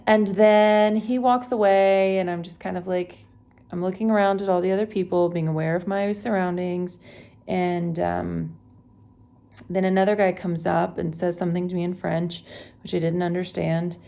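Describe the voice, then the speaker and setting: A young woman from Texas talks through a recent travel story at home, unedited and conversational. Her voice has a gravelly, fried edge, and she keeps stopping to correct herself and fill gaps with fillers. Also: on the low side, fairly even intonation, normal speed, warm tone. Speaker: travel vlogger. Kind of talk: unedited personal retelling.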